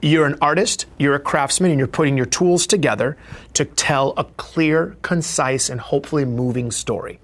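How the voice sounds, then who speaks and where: A man's voice: a little high, normal speed. A middle-aged actor giving a reflective interview, telling stories with energy and acting out the people he quotes. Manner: animated storyteller, acts out quotes. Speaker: actor and guest.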